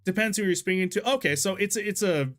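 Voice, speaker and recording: A young man from Texas, USA, streams a game and chats casually with his viewers, laughing a lot and exclaiming in disbelief as he reads chat. His voice is high, a little fast and a bit bright, with faint music in the background.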